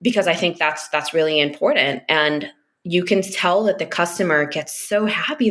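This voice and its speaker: A woman with a low voice is chatting as a podcast guest. She talks quickly and informally, filling her sentences with "like" and "um". She laughs easily. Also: fairly bright tone. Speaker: podcast guest, business analyst. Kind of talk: casual interview chat.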